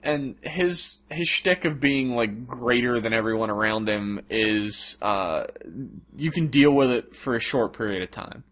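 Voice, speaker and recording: A man's voice: mid-range voice, unhurried, a bit bright. A young man co-hosting a podcast, giving his opinions in casual chat, laughing and cursing now and then. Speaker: podcast co-host.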